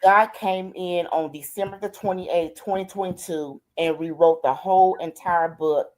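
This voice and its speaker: A woman's voice: lowish voice, fairly even intonation, moderate pace. An older woman, a grandmother, telling her life story in a streamed interview, heartfelt and colloquial, often repeating "I said" and "she said". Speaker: guest.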